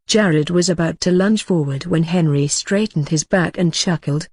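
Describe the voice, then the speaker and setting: A woman narrating an audiobook in a steady, measured way. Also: lowish voice, breathy edge, no room sound, studio quality. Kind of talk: scripted narration.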